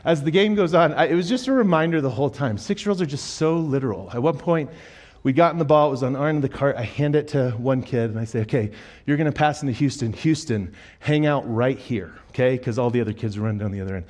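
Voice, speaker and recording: A man preaching a sermon in a church, telling a funny story with lively acted-out quotes before turning to his teaching. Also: medium pitch, quick pace. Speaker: pastor. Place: church auditorium.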